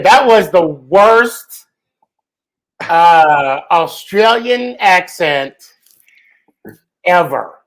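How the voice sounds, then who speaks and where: A podcast host with a fairly high, slightly bright voice and lively intonation chats loosely with his guest, joking along and filling pauses with "um" and "uh." It sounds like casual talk from home, captured on a rough recording.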